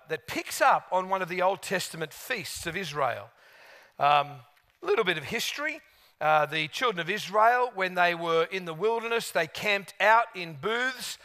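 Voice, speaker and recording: Male preacher, animated storyteller, bright, ringing, high-pitched voice. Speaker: guest preacher. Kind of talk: sermon with storytelling.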